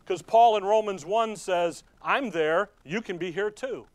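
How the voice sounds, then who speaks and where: A man delivers a sermon in a high, bright-edged voice, recorded dry and close. He talks to the congregation conversationally, then punches single words hard for emphasis and drifts into quick asides. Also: no echo. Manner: conversational preaching with sudden loud emphasis and asides. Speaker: pastor.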